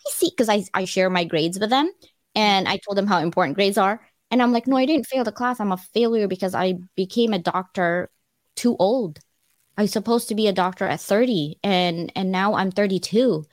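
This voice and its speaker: A middle-aged woman tells her own story at an online audio event, candid and animated, her voice often pitched between laughter and tears. Her pitch sits in a middle range. The sound is dry and close, with no room around it. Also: normal speed, no room sound. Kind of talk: emotional personal storytelling.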